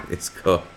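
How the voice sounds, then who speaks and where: A man hosting a live stream, talking in a rambling, sweary way and often slipping into mocking impressions. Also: a little hiss or hum. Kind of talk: casual rambling commentary.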